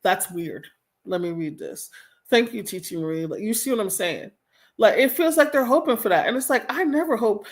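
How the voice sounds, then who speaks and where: A livestream host with a fairly high, expressive voice reads chat comments aloud at a moderate pace and offers casual commentary. She's blunt and exasperated, swears freely, and uses a home streaming mic.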